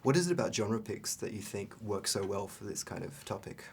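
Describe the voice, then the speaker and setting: Gravelly low male interviewer, short friendly questions. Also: expressive, brisk, a little hiss or hum.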